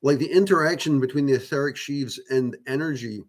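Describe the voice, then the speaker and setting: A man's voice: mid-range voice, fairly quick. A man hosting a channel, talking casually and at length to viewers about spiritual topics, rambling with many fillers, restarts and casual swearing. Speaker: channel host.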